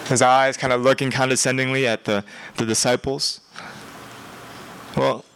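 Young man, preacher, casual animated sermon, emphatic repeats, faint noise behind. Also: medium pitch, rough recording. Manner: conversational, animated, with laughs and emphatic repetition.

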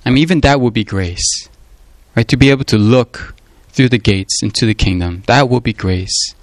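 A man's voice: mid-range voice, moderate pace, no room sound. Earnest male preacher, dry and close. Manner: earnest, emphatic, leans on "you know" and repeats words. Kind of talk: sermon on a Gospel passage.

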